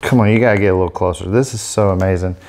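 A man hosting a casual product demo vlog, talking in an excitable, gushing way into a set-up microphone. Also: deep voice, rapid-fire, noisy background. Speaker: airbrush artist demonstrating markers.

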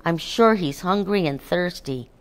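A woman voicing an eager, kind young girl in a storybook reading, hopeful and quick to reassure. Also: on the low side, lively intonation.

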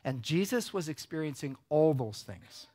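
A man preaching a casual, conversational sermon with a slightly higher voice than most men. He keeps checking in with his listeners, and he speaks in a cinema hall. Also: very animated, normal speed, dark tone. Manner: conversational preaching, frequent "right?" checks with the audience. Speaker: pastor. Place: large cinema auditorium.

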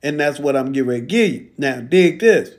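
A man's voice: medium pitch, animated, fairly quick, close to an everyday voice. A man playing a proud, defiant pro football player in a profane, indignant social media rant. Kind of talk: comedic impression monologue.

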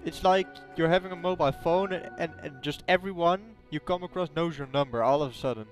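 A young man giving goofy, excitable commentary over his gameplay, often yelling at the game. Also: a little high, a little fast, faint music behind. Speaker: gaming video creator.

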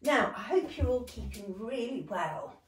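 Encouraging British woman leading gentle exercises. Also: fairly high pitch, expressive, measured pace, a little hiss or hum. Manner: warm, encouraging, laughs often. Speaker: dance and movement workshop leader. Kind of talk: gentle guided exercise session. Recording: echoey room, voice from a distance.

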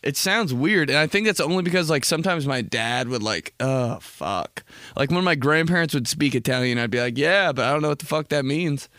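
A man's voice: fairly high pitch, expressive, brisk, fairly bright tone, no echo, studio quality. A man hosts a podcast, rambling through a comedic monologue, laughing often and acting out quotes in exaggerated voices. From Indiana, United States. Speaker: podcast host.

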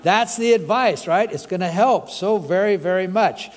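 A man's voice: high-pitched, normal speed, in a large hall. A man preaching a sermon as pastor, talking in a chatty way and putting questions to the congregation. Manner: conversational, asks the congregation questions. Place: church sanctuary.

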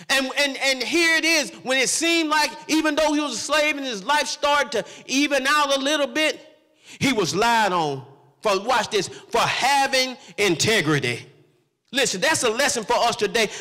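A man preaches to his congregation, calling out to them as he goes. His voice sits very high and sounds bright and forceful. A long reverb trails after his words, as in a big church hall. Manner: preaching with call-outs to the congregation. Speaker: pastor. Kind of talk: sermon.

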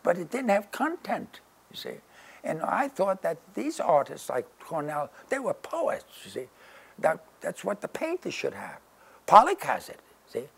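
A man's voice: high voice, wildly swooping pitch, measured pace, creaky, slightly rough. An older man telling rambling stories in an interview in his studio, peppering his talk with "you know" and "you see". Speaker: interviewee, painter. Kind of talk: casual anecdotal storytelling.

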